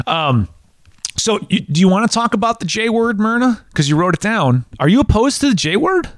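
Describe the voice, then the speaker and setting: High, lively-voiced joking man. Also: a little fast, dry recording, clean studio sound. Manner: playful, joking storyteller. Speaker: podcast host. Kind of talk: casual interview chat.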